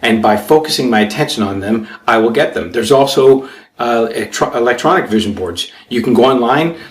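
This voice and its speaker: Self-help coach, male, mid-pitched, earnest and emphatic, recorded in a reverberant room. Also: brisk. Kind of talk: motivational talk.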